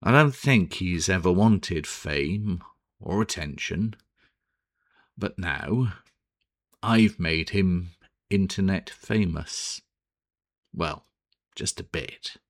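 Very slow, deep-voiced man. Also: lively intonation. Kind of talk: closing a personal podcast episode.

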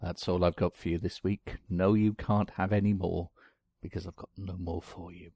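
A man's voice: low-pitched, level tone, normal speed, warm tone, husky, no room sound. A man reading short stories aloud in scripted narration, with a dry, wry delivery. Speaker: storyteller.

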